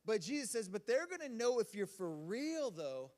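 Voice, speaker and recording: A man's voice: high-pitched, sing-song, normal speed, a little mellow. A man preaching a sermon in a church hall, with a casual, rambling delivery and banter with the audience. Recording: reverberant hall.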